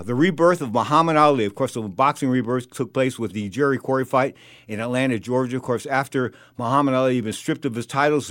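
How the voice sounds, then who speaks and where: Breathless, fast-talking radio host man. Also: mid-range voice, no room sound, studio quality. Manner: energetic, rambling, leans on "of course". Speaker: radio talk show host. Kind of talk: live sports talk radio. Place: radio studio.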